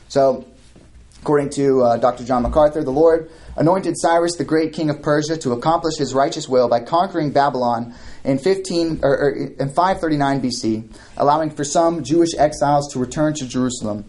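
A man's voice: a little high, darkish tone. A man leading a verse-by-verse Bible study, reading scripture aloud and commenting in a conversational way with frequent restarts and asides. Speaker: Bible teacher.

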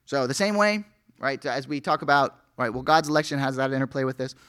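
A man's voice: medium pitch, animated, fast talker, a bit bright, smooth. A male pastor preaching an earnest sermon, reading scripture aloud with rising emphasis.

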